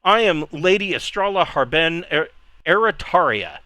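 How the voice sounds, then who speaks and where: A man doing a gracious young noblewoman, firm and courteous, bright dry voice. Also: a little high, lively intonation, moderate pace, no echo, voice pushed up. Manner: courteous, reproachful.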